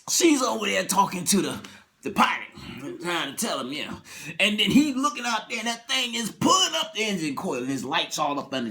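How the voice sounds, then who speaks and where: A man casually retelling a TV episode, animated and colloquial, breaking into frequent laughter. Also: sits high. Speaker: storyteller.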